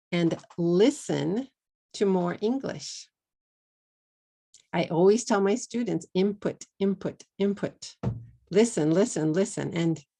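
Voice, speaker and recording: Slow, gravelly-voiced Texan woman teaching. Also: fairly low pitch, warm tone. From United States. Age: middle-aged. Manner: slow and deliberate, repeating words for learners. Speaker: English teacher. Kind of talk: pronunciation lesson.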